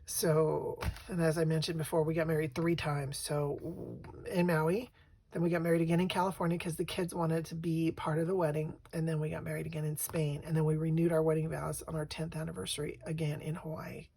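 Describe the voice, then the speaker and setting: A middle-aged woman casually showing her craft work, soft and rambling, with lots of fillers and restarts. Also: low voice, flat delivery, fairly quick, vocal fry, slightly rough. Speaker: craft vlogger.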